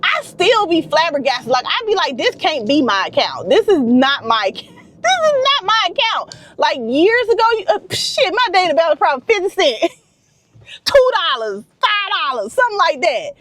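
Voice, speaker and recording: A woman's voice: high-pitched, moderate pace. A woman vlogging casually from a car, talking to her viewers. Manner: chatty, animated, talks to viewers as y'all. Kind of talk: casual chat to camera. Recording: road noise in a car. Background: vehicle noise.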